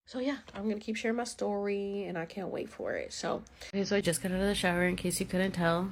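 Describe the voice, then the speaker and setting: A woman's voice: fairly low pitch, quick pace, creaky. A woman in her thirties telling her own story in a candid vlog, emotional and blunt, swearing freely. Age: 30s. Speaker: vlogger.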